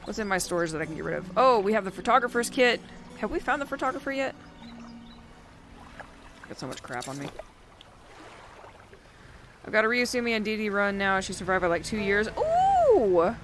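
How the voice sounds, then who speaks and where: Loud, swearing young woman streamer. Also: mid-range voice, sing-song, moderate pace, pauses often, over music. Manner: loud, profane, laughing banter. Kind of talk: casual game livestream chat.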